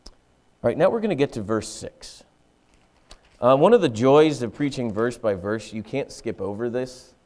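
A man preaching a sermon as pastor, in a conversational style, full of rhetorical questions and quick acted-out asides. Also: medium pitch, lively intonation, a little mellow.

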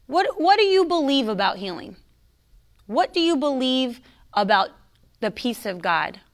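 A woman giving a casual, conversational faith teaching to her online followers, emphatic and sometimes mocking, pausing to sip coffee. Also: high voice, big pitch swings. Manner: sips coffee while talking. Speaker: Christian teacher.

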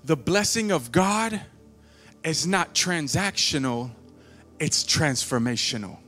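A male guest preacher delivering a fervent sermon, with a high, bright voice. He pushes hard with repeated calls to the room, then sinks into quieter, lower stretches. Soft music plays faintly behind him. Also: lively intonation, slow pace. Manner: drops to a low, quiet voice in long passages.

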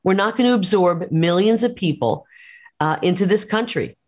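A woman running for office, talking in a forceful, combative way in an interview. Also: fairly low pitch, lively intonation, moderate pace, husky. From United States. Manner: forceful, combative campaign talk. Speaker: political candidate. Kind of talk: interview over a call.

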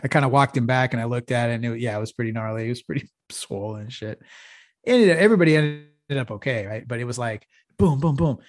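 A man's voice: medium pitch, fast talker, no echo, studio quality. A middle-aged man from Texas, a podcast co-host telling a rambling, profane story in a casual chat. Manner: profane, laid-back storytelling with frequent laughs.

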